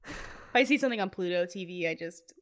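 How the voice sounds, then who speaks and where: A woman's voice: lowish voice, expressive, a little fast. A woman co-hosting a podcast in casual chat, playful and joking, often giggling. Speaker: podcast co-host.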